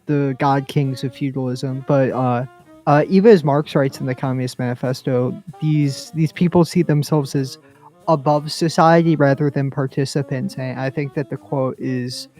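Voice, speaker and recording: A man co-hosting a podcast in casual talk, deliberate and lecturing, with many pauses. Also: mid-range voice, fairly even intonation, darkish tone, faint music behind. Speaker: podcast co-host.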